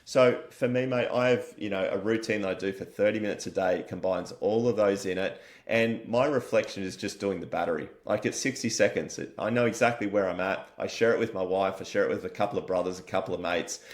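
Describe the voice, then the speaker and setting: An Australian man, a wellness company founder, talking as a guest in an energetic, matey interview style and swearing casually. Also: low-pitched, fairly quick, hardly any pauses.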